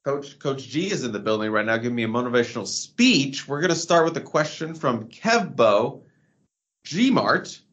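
A man's voice: mid-range voice, big pitch swings, normal speed, fairly bright tone, lo-fi sound. A man hosting a casual sports podcast, joking at his own expense and reading out listener questions. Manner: joking, self-deprecating, reads listener questions. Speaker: podcast host.

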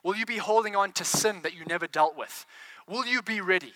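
High, bright-voiced fervent male preacher. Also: brisk, a little hiss or hum. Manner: fervent, rhetorical questions to the congregation; repeats words as he builds momentum. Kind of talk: sermon.

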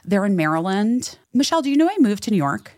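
Lively woman telling stories on a podcast. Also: mid-range voice, quick pace, no room sound. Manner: animated storytelling, acts out others' voices. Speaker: podcast co-host. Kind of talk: casual chat.

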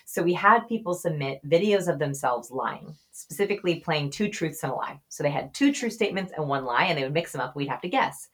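A young adult woman, a guest researcher on a podcast, explaining quickly and expressively and acting out example voices. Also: deep voice, animated, slightly rough. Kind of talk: podcast interview.

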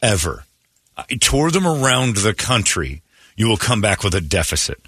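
A man's voice: fairly low pitch, sing-song, moderate pace, a bit bright, husky, no room sound, clean studio sound. A man hosting a morning radio show, ranting with sarcastic, opinionated jabs. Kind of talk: casual morning radio rant.

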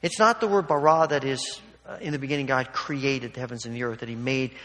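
A man's voice: medium pitch, brisk, a bit bright. Man preaching a sermon in a reverberant hall. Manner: conversational, emphatic, acts out quotes. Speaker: pastor.

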